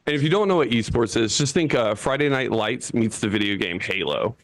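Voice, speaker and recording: A man in his thirties from Florida performs a stand-up set for an online comedy show, speaking from a chair. His voice sits at a middling pitch and turns animated, jumping up high whenever he quotes other people. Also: fairly quick. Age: 30s.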